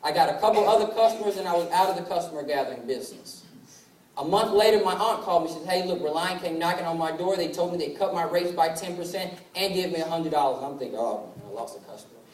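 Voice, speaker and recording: A fast-talking sales presenter in his 20s delivers a motivational business presentation in a high voice, telling stories and acting out family dialogue among the characters. The mic catches him from afar in a spacious, echoey hall with faint ambience.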